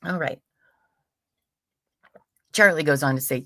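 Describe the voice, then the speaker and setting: A woman's voice: on the low side, lively intonation, a little slow, creaky, a bit bright, no echo, studio quality. A woman hosting a live true crime stream, reading a transcript aloud and breaking off into casual, profane commentary with laughing asides. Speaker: true crime livestream host. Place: home streaming setup.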